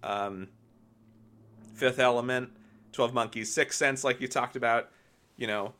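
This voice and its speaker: A man's voice: mid-range voice, steady tone, measured pace, pushed and bright. A man co-hosting a podcast, chatting casually and enthusiastically about films with many fillers. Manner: rambling, filler-heavy, enthusiastic. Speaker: podcast co-host. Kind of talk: casual film chat.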